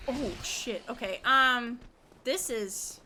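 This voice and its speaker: A young woman talks to her stream viewers while she plays, rambling from one thought to the next and often breaking into giggles. Her voice sits high and sounds bright and sharp. A faint noise runs under the recording. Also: slow. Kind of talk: casual gaming stream chat.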